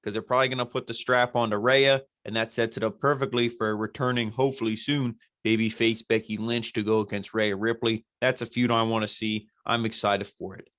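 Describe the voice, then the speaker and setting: A man's voice: on the low side, steady tone, fairly quick, few pauses, a bit bright, no room sound. A man hosting a podcast, recapping a show casually in a blunt, profane, exasperated way. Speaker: podcast host reviewing wrestling.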